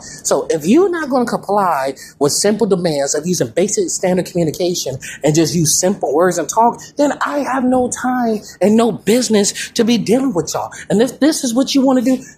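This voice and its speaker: A woman riffs through an improvised comedic rant, playing an aggrieved leader who lectures and scolds. Her delivery rambles and loops back on itself with stammered restarts. Her voice sits at an ordinary middle pitch, and a faint background hiss runs under it. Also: expressive, normal speed, few pauses, darkish tone. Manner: indignant, lecturing. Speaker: comedian playing a head of state.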